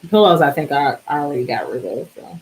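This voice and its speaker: A worn-out woman talks to her viewers in a loose, rambling way, trailing off and restarting her thoughts. Her voice sits a little low and sounds sleepy. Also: fast talker, a little hiss or hum, low-quality recording. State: exhausted, yawning. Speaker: DIY vlogger. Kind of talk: casual chat.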